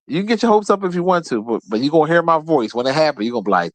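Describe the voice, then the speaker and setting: A man's voice: fairly high pitch, animated, rapid-fire, few pauses, dry recording. A man hosting his own show, ranting about basketball in a blunt, profane, trash-talking way. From Philadelphia area. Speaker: host. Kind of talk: casual sports rant.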